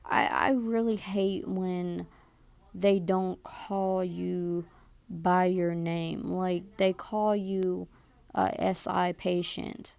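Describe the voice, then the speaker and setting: Woman, 20s, vlogger; slow, gravelly delivery, indignant and repetitive storytelling, close and dry sound. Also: mid-range voice, warm tone, no room sound. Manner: indignant, repeats herself with "like" and "okay?". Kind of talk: casual storytelling to camera.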